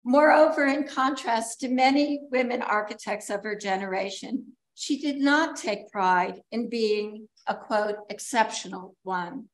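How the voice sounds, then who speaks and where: A woman at a podium giving a formal introduction at an academic symposium, reading prepared remarks with quick asides and fillers. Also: mid-range voice. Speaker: symposium speaker introducing a guest. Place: lecture hall. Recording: echoey lecture hall.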